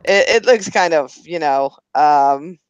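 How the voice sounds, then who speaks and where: A woman's voice: low voice, expressive, slow pace, clean tone, no room sound, muffled recording. Hesitant woman at a tabletop game. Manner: hesitant, lots of fillers, laughs easily. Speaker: tabletop player. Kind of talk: casual tabletop role-play.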